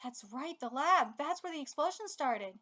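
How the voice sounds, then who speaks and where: A woman reading the lines of a bloodthirsty mutant parasite creature aloud in a slow, flat, commanding way. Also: high-pitched. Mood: menacing.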